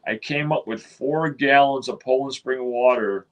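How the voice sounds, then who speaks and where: A man's voice: medium pitch, a little slow, rough recording. Man telling a long rambling story. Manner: rambling, many restarts, quotes others in his own voice. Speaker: interview guest. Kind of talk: storytelling in a casual interview.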